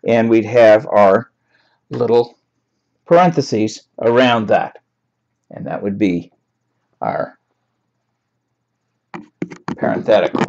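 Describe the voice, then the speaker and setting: A man's voice: lowish voice, takes it slowly, gravelly, long pauses, a little mellow, a little hiss or hum. A man teaching a writing class in a chatty, wry way, laughing now and then at his examples. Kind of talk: classroom lecture on paraphrasing. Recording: dull lo-fi recording.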